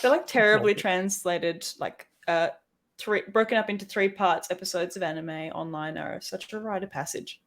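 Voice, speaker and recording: A woman's voice: lowish voice, normal speed, fairly bright tone. A woman co-hosting a casual podcast, wry and self-mocking, laughing often. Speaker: podcast co-host. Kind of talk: casual chat.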